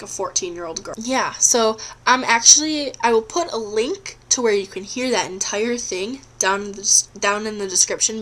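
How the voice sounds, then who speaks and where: A young woman vlogger telling a long personal story in a casual, rambling, excitable way, full of "like" and "um". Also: medium pitch.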